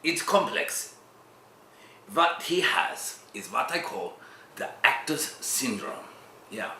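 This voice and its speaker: Man playing a bright, lilting, pompous analyst; roomy echo, faint guitar behind. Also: mid-range voice, sing-song, takes it slowly, a little hiss or hum, heavily acted. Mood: self-satisfied. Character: smug male psychoanalyst, self-important. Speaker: psychoanalyst. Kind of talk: mockumentary interview acting.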